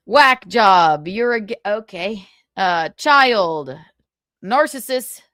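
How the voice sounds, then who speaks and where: A woman hosting a casual livestream, reading viewer comments out loud in a brash, profane, giggly way. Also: fairly high pitch, animated, drawn-out words, no echo, clean studio sound. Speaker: livestream host.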